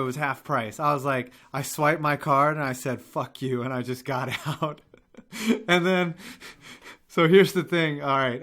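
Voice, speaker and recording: A young man hosting a live show, telling a rambling story in casual, profane chat. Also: mid-range voice. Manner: animated, profane, rambling with restarts and laughs.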